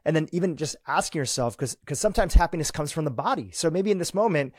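A man's voice: a little high, animated, fast talker, dry recording, studio quality. A man hosting a casual interview, building on his guest's points with thoughtful questions.

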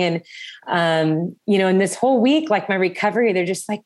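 A woman's voice: fairly low pitch, moderate pace, a little mellow. A woman in her forties, a guest in a casual podcast interview, talking in a heartfelt, emotional way with frequent laughs and restarted phrases.

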